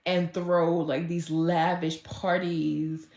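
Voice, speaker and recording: A woman fitness vlogger talking casually and gushing with excitement, full of "like" fillers. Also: lowish voice, slow pace, roomy sound. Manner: gushing and chatty, heavy use of "like", and bursts of excitement. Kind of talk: casual motivational vlog talk.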